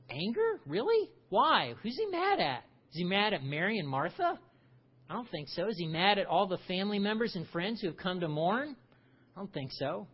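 A man preaching a conversational sermon, animated and full of rhetorical questions. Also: on the high side, highs cut off. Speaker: pastor.

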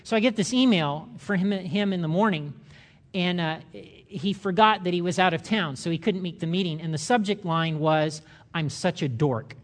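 An older man preaching a sermon, animated, acting out the voices of the people he quotes. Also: high voice, normal speed. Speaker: pastor.

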